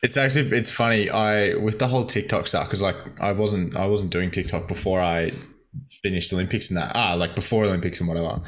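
A man's voice: low voice, a little fast. A young Australian man chatting casually as a podcast guest, laid-back and self-deprecating. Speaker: guest, Olympic discus thrower.

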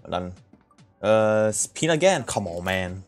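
A man streaming a shooter game with viewers, reacting excitedly and swearing, his voice jumping high when shocked. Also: slow pace, faint music behind. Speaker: gaming streamer. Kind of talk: casual live game commentary.

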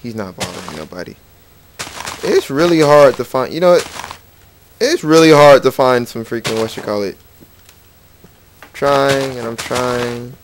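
A man's voice: mid-range voice, lively intonation, a little slow, long pauses, a little hiss or hum. Rambling man narrating his gameplay. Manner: rambling, playful, talks to game characters. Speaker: gaming channel host. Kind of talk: casual let's play commentary. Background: faint game music.

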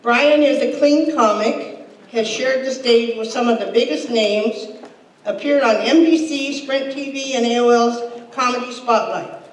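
Older woman doing deadpan stand-up. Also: on the high side. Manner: deadpan one-liners with quoted voices. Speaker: comedy club host. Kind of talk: stand-up comedy. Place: hall with a laughing audience. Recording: echoey hall, distant mic, crowd laughter.

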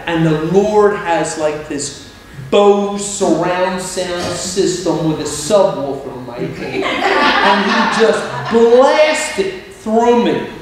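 A middle-aged man, an evangelist, telling a story in a sermon with lively humorous asides, recorded in a church hall. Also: a little high, slight background noise. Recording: very echoey hall, faint ambience.

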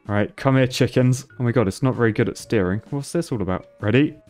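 A man's voice: medium pitch, quick pace, a little mellow, faint music behind. A man commentating his gameplay on a stream, thinking aloud and laughing often.

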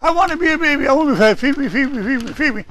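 A man's voice: very high voice, animated, racing, a bit bright, voice pushed up. A man mimicking a whiny grown-up baby. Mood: whining. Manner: whining, repetitive pleading. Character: whiny adult acting like a baby.

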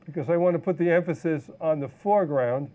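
A man teaching a live photo-editing software demonstration, explaining step by step in a relaxed way with fillers and self-corrections. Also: a little high, brisk. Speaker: photography instructor.

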